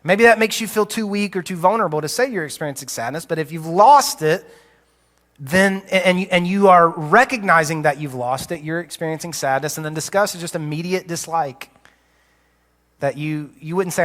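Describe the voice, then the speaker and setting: A male pastor with a high, fairly bright voice preaches a sermon live on a stage mic in a church auditorium. His style is conversational and teaching, with quick asides, and the hall adds reverb.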